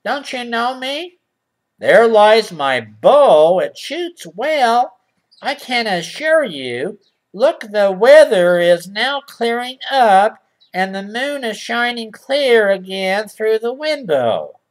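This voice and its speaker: A mischievous little boy Cupid, as a reader puts him on in a mock storybook reading. The lines come slow and drawn out, and the pitch moves about a lot. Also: sing-song. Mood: playful.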